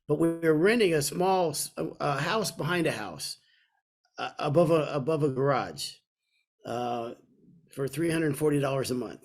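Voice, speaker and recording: A man in his sixties from Kentucky, co-hosting a podcast and telling a personal story in a casual, animated way. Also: on the high side. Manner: animated storyteller, acts out voices in quotes. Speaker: podcast co-host.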